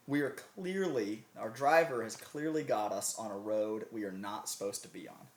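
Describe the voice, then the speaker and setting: A young man, a band member, telling animated, laughing stories in a casual chat in a living room. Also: fairly low pitch, moderate pace. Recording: roomy echo.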